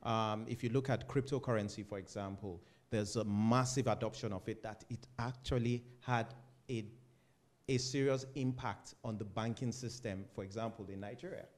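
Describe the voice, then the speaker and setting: Animated male startup founder on a panel. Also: lowish voice, normal speed. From Africa. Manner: animated, acts out loud phone talk with laughter. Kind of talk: conversational panel talk.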